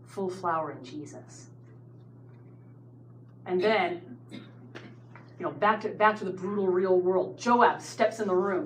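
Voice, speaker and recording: A woman teaching a Bible study class, telling the story with lively asides to her students, in a roomy space with faint noise. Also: fairly low pitch.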